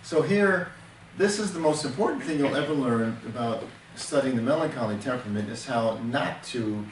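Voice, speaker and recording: A man's voice: mid-range voice, normal speed. Earnest older man teaching in an echoey room. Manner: earnest, explains with everyday examples and many restarts. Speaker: temperament counselor. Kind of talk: teaching talk in a counseling session. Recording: echoey room, distant mic, faint noise.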